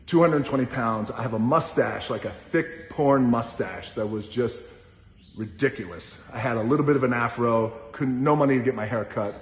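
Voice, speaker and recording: A man with a mid-range voice, speaking at normal speed, casually tells an anecdote as a guest, acting out other people's lines and swearing freely. It's recorded in a roomy hall with long reverb.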